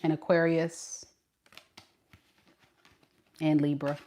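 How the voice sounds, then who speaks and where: A woman giving a tarot reading to her viewers, blunt and animated, talking straight to them as y'all. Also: deep voice, extremely slow. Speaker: tarot reader.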